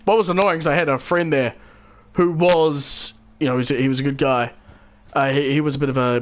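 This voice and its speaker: The voice is a little high and brisk: a young New Zealand channel host casually telling a rambling tale as he games. He swears along the way and acts out what people said.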